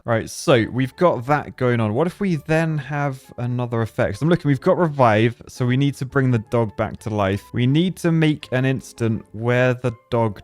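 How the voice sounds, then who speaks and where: A man's voice: mid-range voice, animated, normal speed, a little mellow, no room sound, faint music behind. Chatty man playing a game. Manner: chatty, laughing, jumps into silly character voices. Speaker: gaming youtuber. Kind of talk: playful let's-play commentary.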